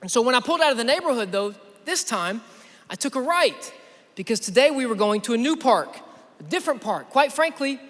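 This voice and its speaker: High-voiced man preaching in a reverberant hall. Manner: energetic storytelling, addresses the crowd directly. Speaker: youth conference speaker. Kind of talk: sermon. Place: large church auditorium.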